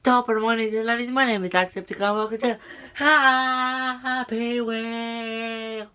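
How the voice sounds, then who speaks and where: Man doing a high, shouty Irish gamer voice, bright and excited. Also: unhurried, clean tone, full character voice.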